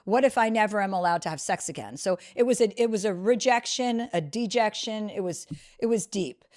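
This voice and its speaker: A woman spins a long personal story for a podcast. She is blunt and crude, and she pokes fun at herself as she goes. Her voice sits at an ordinary middle pitch. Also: animated, brisk, a little mellow. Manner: frank, crude, self-mocking. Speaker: podcast guest. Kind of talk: storytelling anecdote.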